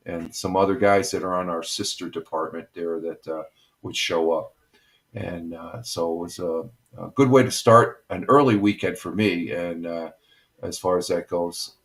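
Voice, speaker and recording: A retired older man chatting over coffee on his morning livestream. His voice sits low, and he rambles casually with plenty of fillers. The talk is relaxed and conversational. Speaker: livestream host. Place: home.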